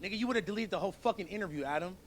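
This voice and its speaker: High-voiced man angrily confronting. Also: very fast. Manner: angry, profane, accusing. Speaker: longtime show co-host. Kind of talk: heated confrontation.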